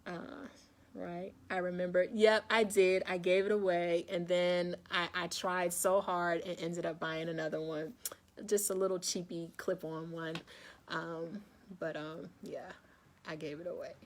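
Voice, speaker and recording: Measured in pace, with a fairly low pitch and level tone, a woman hosts an easygoing wellness live chat. She addresses viewers as y'all, confirms they're still following, and reinforces her encouragement by repeating points.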